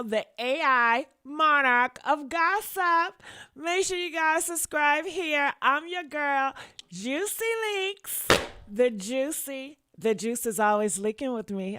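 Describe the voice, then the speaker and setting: A woman's voice: high-pitched, bright, forceful tone, clean tone. A woman hosting a celebrity gossip channel, talking in a sassy, blunt, scolding way.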